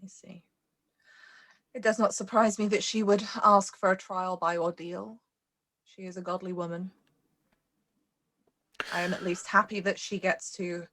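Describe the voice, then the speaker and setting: A woman's voice: mid-range voice, a bit bright. A woman voicing a composed, scarred young noblewoman who speaks in a solemn, formal way. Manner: solemn, formal in-character speech.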